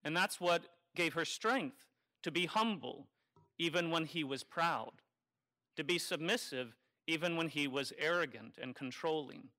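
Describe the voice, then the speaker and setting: A man preaching a homily in a conversational, wry way, teasing his listeners and slowing down to stress key phrases. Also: on the high side, pushed and bright. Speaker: Catholic priest. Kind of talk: sermon.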